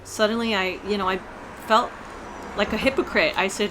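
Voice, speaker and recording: A woman's voice: medium pitch, normal speed, a bit bright, slight background noise. A woman vlogger telling a personal story in a casual, earnest, rambling way with many fillers.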